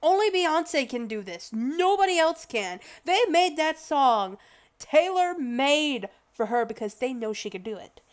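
Woman vlogger, high voice, excitable, rambling, casual commentary, slow-paced. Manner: excitable, rambling, lots of restarts and exclamations.

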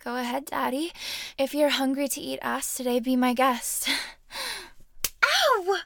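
A young woman in an intimate audio role-play, teasing and breathy, close to the microphone. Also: high-pitched, flat delivery, normal speed, dry recording.

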